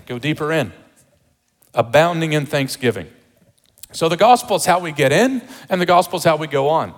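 A pastor preaching a sermon with emphasis, repeating rhetorical questions to the congregation. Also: male voice, fairly high pitch, in a large hall.

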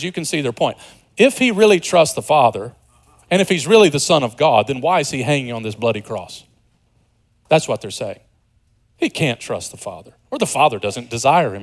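A man preaching a sermon as pastor, earnest, moving from hushed low passages to loud, high emphatic ones.

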